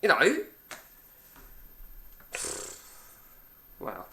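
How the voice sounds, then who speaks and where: An English man in his forties talks over a game session in a loose, rambling way, swearing freely as he goes. His voice sits a little high, with a bright, sharp edge to it. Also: normal speed. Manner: animated, swearing, rambling storyteller. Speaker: gaming channel host.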